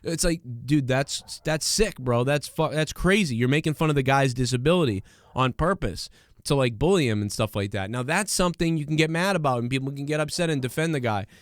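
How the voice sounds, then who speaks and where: A man's voice: mid-range voice, fairly quick, no echo, studio quality. A young man hosting a podcast, ranting casually with lots of swearing, fillers and restarts. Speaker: podcast host. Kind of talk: casual comedic rant.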